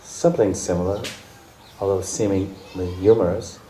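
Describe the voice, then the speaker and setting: A man's voice: sits low, steady tone, normal speed, mellow. Emotive man telling devotional stories. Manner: emotive, repetitive, breaks into chanted song. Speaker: spiritual teacher. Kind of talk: devotional storytelling lecture. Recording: echoey room, faint background noise.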